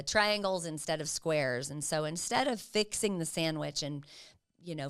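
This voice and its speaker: An older woman, a parenting educator, offers casual but earnest advice, encouraging listeners and acting out things parents might say. Her deep voice is clear and resonant with a bit of brightness.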